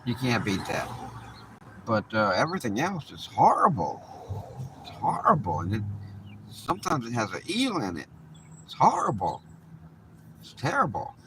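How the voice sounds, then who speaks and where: A man's voice: mid-range voice, huge pitch swings, moderate pace, pauses often. A man chatting casually and profanely while he drives, rambling and joking. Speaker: livestream host. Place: in a car, then a park. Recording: distant mic with loud road noise.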